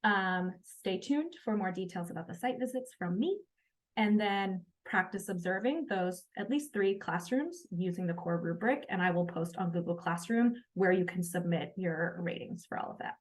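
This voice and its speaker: A woman's voice: lowish voice, lively intonation, moderate pace. A woman leading an online training session, upbeat and chatty, with frequent fillers. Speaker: session facilitator.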